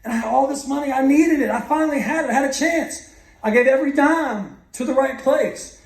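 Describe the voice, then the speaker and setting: A man's voice: extremely high pitch, brisk. A man in his thirties giving an earnest motivational speech to a graduating class, telling his own story with frequent restarts. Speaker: guest speaker. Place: large school hall. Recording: echoey hall from far off.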